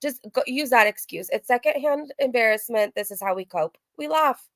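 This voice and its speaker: A woman's voice: a little high, animated, moderate pace, no echo. A woman hosting a reaction stream, talking in a giggly, bewildered, chatty way. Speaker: reaction channel host. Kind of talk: live reaction commentary.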